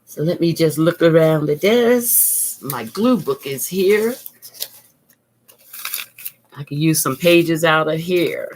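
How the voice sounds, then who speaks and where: A woman's voice: sits low, lively intonation, slow, long pauses, a little mellow, slight background noise. A middle-aged woman, hosting a live craft tutorial and chatting with viewers in an upbeat way as she works at her desk. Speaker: art teacher, channel host. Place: home craft desk, indoors.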